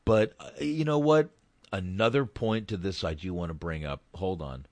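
A man's voice: deep voice, normal speed, dry recording. A man hosting a casual podcast, telling rambling, profane stories about a film. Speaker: podcast host.

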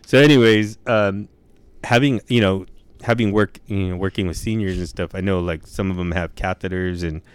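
A man's voice: sits low, fairly even intonation, normal speed, clean tone. A young man telling a story in casual chat, laid-back and loose, swearing a lot and saying dude and bro.

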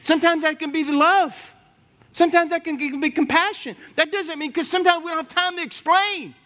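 A middle-aged pastor preaching with rising fervor. His voice sits high and ringing, bright and forceful. He repeats phrases, drives toward shouted peaks, and calls out to the congregation. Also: a little fast. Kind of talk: sermon.

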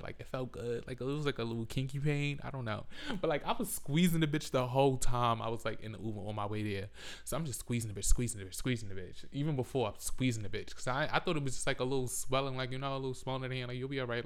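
A young man, telling a profane, dramatic story in a casual vlog. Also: mid-range voice. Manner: animated, profane, dramatic retelling. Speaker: vlogger.

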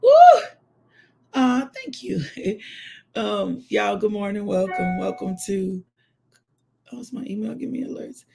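A woman's voice: medium pitch, measured pace, gravelly, over music. A woman hosting a morning devotional show, chatting casually and laughing with her live viewers. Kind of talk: casual chat.

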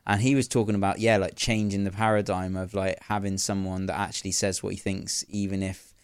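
A man co-hosts a podcast in relaxed chat. He talks haltingly, with many ums and restarts. His voice sits somewhat low. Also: clean tone. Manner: hesitant, halting with many fillers. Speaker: podcast co-host. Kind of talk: casual chat.

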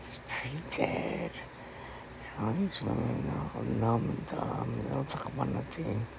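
A man in a casual venting monologue, rambling and swearing, swinging between hushed mutters and angry outbursts. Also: medium pitch, measured pace, gravelly. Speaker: vlogger. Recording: noisy background.

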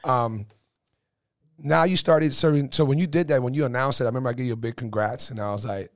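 A man's voice: medium pitch, fast talker. A man hosting a podcast interview, talking loosely and with a lot of profanity, often restarting his sentences. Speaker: podcast host. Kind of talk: casual interview chat.

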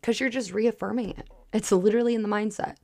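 Gravelly, passionate woman podcaster. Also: mid-range voice, fairly even intonation, fast, dark tone, no room sound. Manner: passionate, frequent filler likes and cussing. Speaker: podcast host and spiritual coach. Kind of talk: casual solo podcast monologue.

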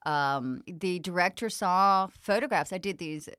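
A woman's voice: fairly low pitch, unhurried, a bit bright, clear, resonant tone, no echo, studio quality. A woman guest chatting about her acting career, laughing and restarting her sentences as she tells stories. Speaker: interview guest, actress. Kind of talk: casual storytelling chat.

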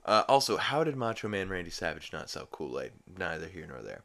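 A man's voice: low-pitched, very animated, a little fast, vocal fry, a bit bright. A man hosting a podcast, giving a rambling, profane, amused recap of a cartoon episode. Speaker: podcast host.

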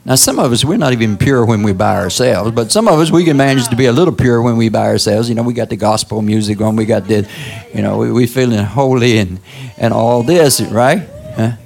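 A man preaching a sermon in a conversational style, prodding listeners with "huh?" and leaping up high for emphasis. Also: a little fast, creaky, few pauses, darkish tone. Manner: conversational preaching with call-outs like "Huh?" and sudden high exclamations. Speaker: pastor.

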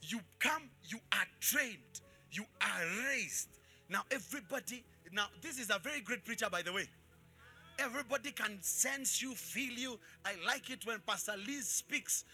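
A man preaching a live sermon to his congregation as pastor, calling out for responses and switching between shouts and quiet asides. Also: very high-pitched, lively intonation, normal speed, breathy edge, faint music behind. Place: church in front of a congregation.

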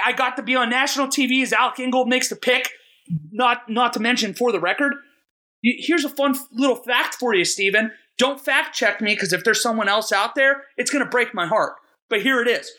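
A young man co-hosting a podcast, telling a long rambling story in a self-mocking, excitable way. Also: very high-pitched. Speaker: podcast co-host. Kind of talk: casual storytelling chat.

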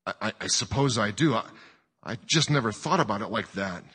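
A man's voice: lowish voice, expressive, brisk, husky, full character voice. A man playing a desperate father who stammers and pleads for his children. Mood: stammering. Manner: stammering, pleading, rising to shouts. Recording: long hall reverb.

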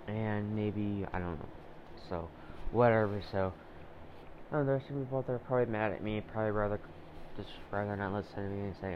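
A man's voice: fairly low pitch, a little fast, dull audio, slight background noise. A man hosting a solo podcast, ranting in a rambling, profane way, with lots of fillers and repeated phrases. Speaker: podcast host.

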